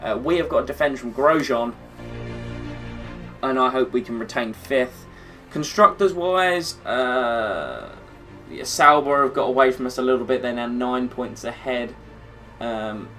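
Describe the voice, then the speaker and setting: A man's voice: mid-range voice, pushed and bright, distant mic. A man recapping a racing video game career race he just played, rambling and thinking aloud with fillers, tired after a long session. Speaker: gaming channel host.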